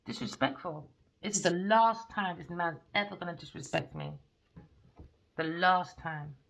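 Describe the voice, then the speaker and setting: A woman's voice: fairly low pitch, measured pace, vocal fry, a bit bright. A woman giving a casual tarot reading, talking bluntly and animatedly and swearing freely. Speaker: tarot reader.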